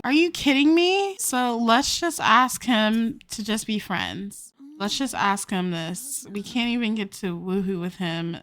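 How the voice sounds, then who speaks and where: A woman narrating a life-sim game in casual commentary, chattering and putting on quick voices for the characters herself, with giggly asides. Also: fairly high pitch, expressive, fairly bright tone, dry recording. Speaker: gameplay host. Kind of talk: casual let's-play commentary. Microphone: desk microphone.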